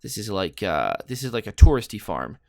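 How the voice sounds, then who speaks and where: A man's voice: on the low side, sing-song, fairly quick, vocal fry, warm tone, no room sound. Dry-voiced man rambling over a game. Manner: rambling, joking, thinking aloud. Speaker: gameplay commentator. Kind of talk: casual game commentary.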